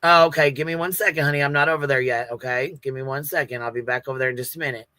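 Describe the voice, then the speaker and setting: A man hosting a livestream with a bright, forceful voice and blunt, profanity-heavy talk. The sound is dry and close, with no room around it. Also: mid-range voice, steady tone, very fast, dry recording. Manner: blunt, swears constantly. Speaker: livestream host. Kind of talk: profane casual commentary.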